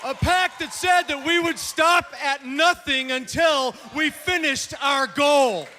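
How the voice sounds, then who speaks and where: Casting: male wrestler, loud scolding in-ring speech, very high pitched, faint crowd. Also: takes it slowly. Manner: commanding, scolding, emphatic. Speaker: wrestler cutting a promo. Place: arena ring.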